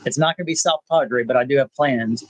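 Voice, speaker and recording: A man, hosting a rambling live chat with viewers, pausing often with "uh". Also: medium pitch, dry recording, rough recording. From South Texas. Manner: laid-back, rambling, frequent "uh" pauses. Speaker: channel host.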